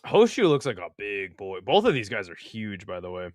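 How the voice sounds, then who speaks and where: Lively, chatty young male streamer. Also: on the low side, normal speed, no echo, clean studio sound. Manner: laid-back, slangy, chats with viewers between bouts. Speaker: live stream host. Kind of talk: casual live reaction and play-by-play.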